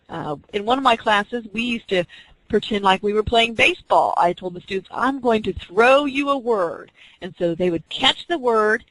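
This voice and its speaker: A woman's voice: fairly high pitch, a bit bright, no room sound, low-quality recording. A woman teaching an online class, explaining reading skills step by step and acting out teacher and student examples. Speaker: teacher educator.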